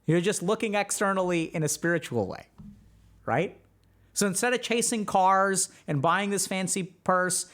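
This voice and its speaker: A high-voiced man coaches on mental health during his livestream, walking through advice with lots of energy. Rhetorical questions abound, and "right?" pops up again and again.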